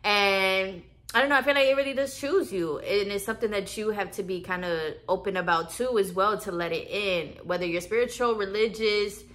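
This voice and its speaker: Bright-voiced young woman vlogging. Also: mid-range voice, normal speed, slight background noise. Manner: animated, swears and laughs often, talks to viewers as y'all. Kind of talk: casual spiritual vlog talk.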